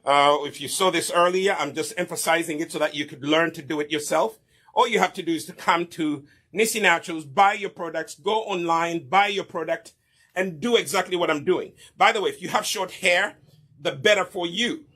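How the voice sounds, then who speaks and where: Middle-aged man, bright tense voice, fairly high, hair care demo with a preachy, checking-in delivery. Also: normal speed. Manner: preachy, repeats questions like "Okay?" and "Do you understand me?". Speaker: hair care business co-owner demonstrating products.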